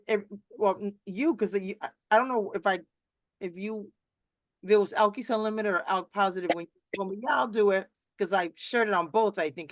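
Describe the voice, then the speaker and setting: A woman's voice: mid-range voice, dry recording. Chatty middle-aged woman on a dry video call. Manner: chatty, rambling, with many restarts and acted-out quotes. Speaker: host. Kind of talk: casual chat on a live video interview.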